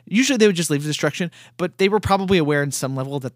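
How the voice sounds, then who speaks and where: A man's voice: on the high side, lively intonation, very fast, dry recording, clean studio sound. A man co-hosting a podcast, recapping a cartoon in casual, rambling chat and chuckling often. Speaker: podcast co-host.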